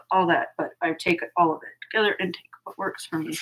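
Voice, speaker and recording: A woman's voice: on the low side, fast talker, few pauses, slightly rough. Blunt, profane woman vlogging. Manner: frank, profane, animated storytelling with mocking quoted voices; frequent fillers and laughs. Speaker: channel host. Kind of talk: casual vlog monologue.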